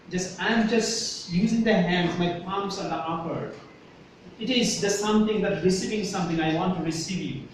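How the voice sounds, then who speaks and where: A man's voice: high voice, unhurried, fairly bright tone. A man with a Bangladeshi English accent lecturing a university class, emphatic and often checking in with students. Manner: emphatic, repeatedly checks "Yes? Clear?" with students. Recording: echoey classroom from far off, faint hiss.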